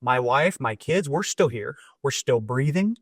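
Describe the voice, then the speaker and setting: A man's voice: mid-range voice, expressive, measured pace, breathy edge, no echo, clean studio sound. A man co-hosting a faith podcast and preaching in casual chat, rambling with many restarts.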